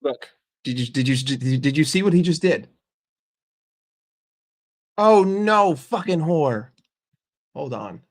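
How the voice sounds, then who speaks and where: A man's voice: mid-range voice, lively intonation, normal speed, darkish tone. An American man giving a heated, profane football reaction rant with lots of emphatic repetition. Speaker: football fan commentator.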